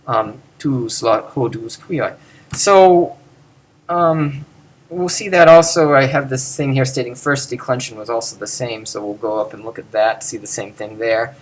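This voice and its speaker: A middle-aged man giving an unscripted video lecture, thinking aloud with many pauses, fillers and restarts. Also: mid-range voice. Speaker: lecturer on Greek pronunciation.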